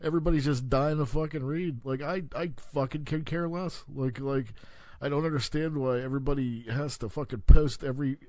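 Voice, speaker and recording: A man holds forth in a mellow, darker voice, cursing freely and stumbling over his own fillers as he rants. The sound is close and dry, with no room around it. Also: medium pitch, steady tone, no room sound. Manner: heavy swearing, halting with many fillers. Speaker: podcast host. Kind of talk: profane rambling rant.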